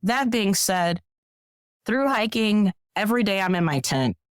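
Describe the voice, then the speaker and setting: Animated woman telling trail stories. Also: medium pitch, measured pace, clear, resonant tone, no room sound. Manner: animated, acts out quoted voices. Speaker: podcast guest, professional hiker. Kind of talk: casual storytelling.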